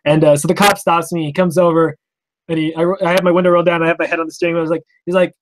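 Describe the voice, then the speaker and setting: Young male interview guest, quick delivery in a slightly higher register, rambling and animated, doing little voices for the people he quotes. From Vermont. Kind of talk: casual storytelling.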